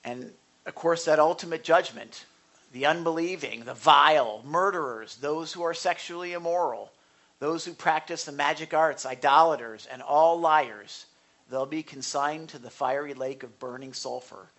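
A male pastor delivers a sermon with a high-pitched, bright voice. He keeps it conversational, putting questions to his listeners and rising into forceful emphasis. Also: normal speed. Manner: earnest, conversational preaching with rising bursts of emphasis; asks the congregation questions.

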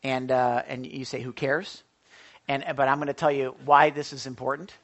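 An animated pastor preaching in a church, voice pitched in an ordinary middle range. The delivery keeps turning to the congregation with questions, then answering them. It is a lively, call-and-response sermon style. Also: normal speed.

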